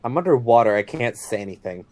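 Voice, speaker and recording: A man playing a tabletop game, joking and excitable about his character. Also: medium pitch, fast talker. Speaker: player. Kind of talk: casual tabletop play.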